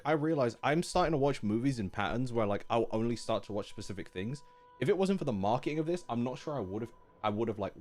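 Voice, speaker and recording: A young man live streaming his reactions, excitable and laughing often, repeating lines that amuse him. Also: on the low side, a little hiss or hum.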